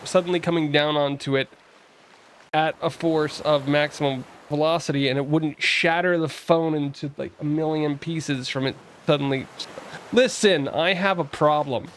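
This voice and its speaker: A man's voice: a little high, normal speed, a little hiss or hum. A man streaming a video game, talking to his chat in a rambling, joking way with casual asides. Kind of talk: casual live-stream commentary.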